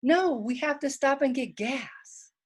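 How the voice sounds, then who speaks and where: A woman's voice: high-pitched, animated, measured pace. A woman giving an online wellness workshop talk from home, chatty and plain-spoken, reading viewer comments aloud.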